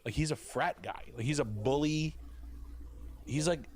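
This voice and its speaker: A man's voice: a little high, unhurried. A man hosting a live stream, telling crude, rambling celebrity stories in casual chat. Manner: crude rambling storytelling with animated impressions. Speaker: stream host.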